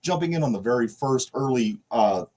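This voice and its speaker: A man's voice: mid-range voice, expressive, fairly quick, darkish tone. A man from the Pittsburgh area co-hosting a sports podcast, rambling with restarts and casual swearing as he reads the news. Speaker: podcast co-host.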